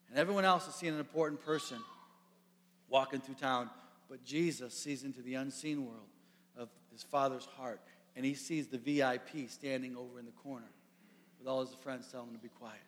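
A man preaching a sermon, animated and storytelling, acting out the characters. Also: mid-range voice, a little fast. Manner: animated storytelling, acts out voices. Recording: echoey hall.

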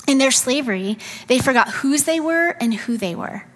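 Female preacher, husky tone, earnest sermon delivery with soft emphatic asides. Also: sits high, lively intonation, normal speed. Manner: earnest, acts out quoted complaints, drops to soft emphatic asides. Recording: long hall reverb.

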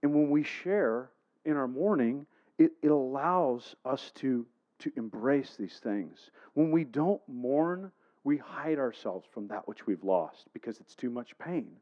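A man's voice: mid-range voice, expressive, a little slow, muffled recording. A man preaching a sermon, telling a personal story in a conversational way and putting questions to the congregation. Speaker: pastor.

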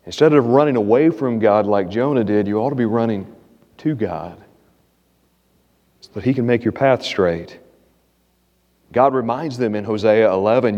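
A man's voice: normal speed, long pauses. Earnest male pastor preaching in an echoey hall. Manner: earnest preaching, rises in pitch reading scripture. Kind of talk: sermon. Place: church sanctuary. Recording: echoey hall, muffled sound.

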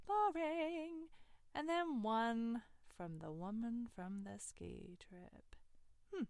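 A woman's voice: a little high, animated, slow pace, creaky, darkish tone, no room sound. A young woman hosting a storytelling monologue, candid and sardonic, swearing freely. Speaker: host.

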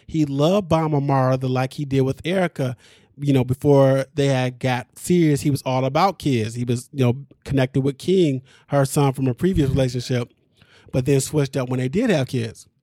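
A man hosting a podcast, recapping a reality show in casual, slangy talk, animated and laughing often. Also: mid-range voice, normal speed, no room sound, clean studio sound.

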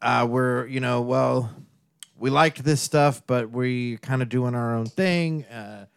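A mid-pitched man speaking bluntly and wryly in a casual podcast chat. He swears freely, and the recording is dry and close-miked. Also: slow, vocal fry, clean tone, dry recording. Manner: blunt, profane, wry. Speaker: podcast co-host.

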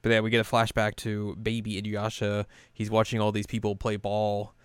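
A man co-hosting a casual anime recap podcast. He jokes and laughs his way through the story with a sarcastic edge. His voice is smooth and resonant, recorded dry and close. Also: on the low side, monotone, moderate pace, dry recording. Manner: joking, sarcastic, laughs often. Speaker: podcast co-host.

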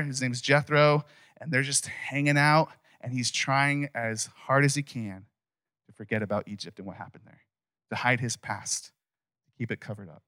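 Male pastor, casual sermon, emphatic and conversational; crisp bright tone, dry close sound. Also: mid-range voice, dry recording.

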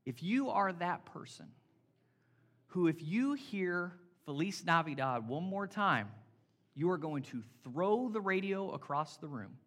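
A man preaching a casual, playful sermon as pastor, energetic and talking straight to his congregation. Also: sits high, a little slow. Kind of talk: conversational sermon.

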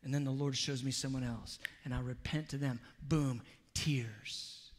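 A man preaching a sermon, telling a personal story in an earnest, confessional way with soft asides. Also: medium pitch, little pitch movement, a little fast, in a large hall. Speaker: pastor.

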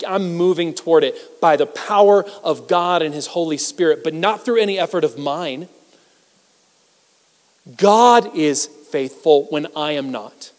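A man preaching a sermon as pastor, talking conversationally and self-deprecatingly, swinging between loud emphasis and hushed asides. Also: sits high. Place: church sanctuary. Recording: reverberant church hall.

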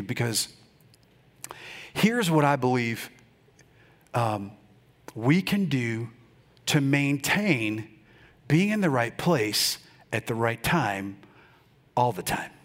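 A male pastor preaching a lively sermon, calling out to his congregation and urging them to answer back. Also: medium pitch. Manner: rousing, calls on the congregation to respond.

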